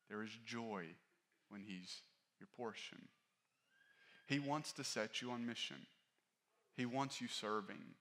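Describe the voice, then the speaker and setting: A male pastor preaching a sermon in a candid, conversational way, rising to stress points and dropping low and quiet for personal asides. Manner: candid, conversational preaching that rises and falls in force.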